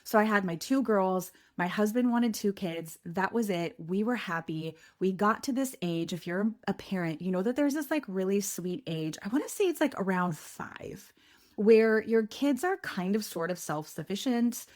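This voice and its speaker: A woman in her thirties hosting a podcast, telling a personal story in a candid, animated way and quoting people in lively voices. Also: medium pitch, moderate pace. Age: 30s. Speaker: podcast host.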